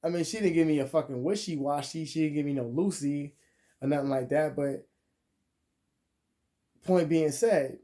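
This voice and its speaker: A young man ranting through a crude storytime vlog, his voice swinging from loud outbursts down to muttered asides. His tone is mellow and dark, though he sits a little higher than most men. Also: moderate pace, pauses often. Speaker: vlogger. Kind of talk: profane storytime rant.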